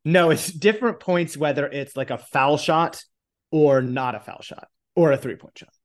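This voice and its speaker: A man's voice: a little high, normal speed. A man co-hosting a podcast, making wry remarks and reading book passages aloud. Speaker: podcast co-host. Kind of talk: casual comedic book discussion.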